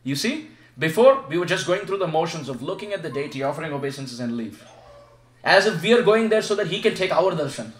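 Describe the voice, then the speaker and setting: A man's voice: on the high side, expressive, brisk. A man giving a devotional sermon at a home gathering, asking the audience questions and leading them in repeating chants. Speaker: visiting spiritual teacher. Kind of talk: devotional sermon with call-and-response. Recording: echoey room sound.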